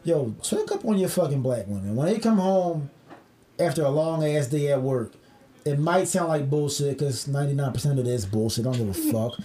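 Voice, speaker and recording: A man's voice: on the high side, brisk, slight background noise. A young man co-hosting a podcast, telling stories in casual, profane banter and putting on voices for the people he quotes. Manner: animated, profane storytelling with put-on quotes. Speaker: podcast co-host.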